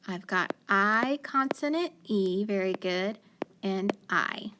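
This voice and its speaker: A woman's voice: medium pitch, expressive, background noise. A woman teacher giving a phonics lesson to young learners, sounding out letters and praising often. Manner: patient, sounds out letters slowly, frequent praise.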